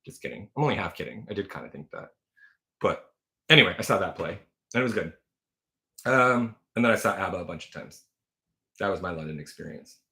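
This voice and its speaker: On a casual livestream, a male host tells rambling stories packed with fillers and self-corrections. His low, gravelly voice swings widely in pitch and has a sharp edge, and he talks briskly but pauses often.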